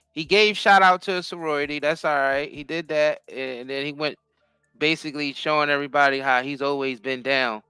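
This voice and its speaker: A man's voice: a little high, sharp tone, smooth, no room sound. A man co-hosting a podcast, talking in a casual, emphatic, profane way. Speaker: podcast co-host. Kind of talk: casual chat.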